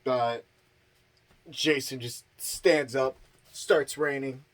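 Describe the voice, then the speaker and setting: Slow, laid-back man recapping a movie. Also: medium pitch, steady tone. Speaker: horror movie reviewer. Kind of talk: casual plot recap.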